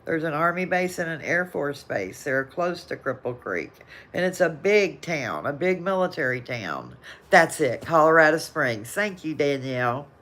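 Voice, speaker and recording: This older woman from the American South hosts a laid-back live chat, going through viewer comments while rambling and laughing often. Her low voice is fairly bright and lively in intonation, at a moderate pace.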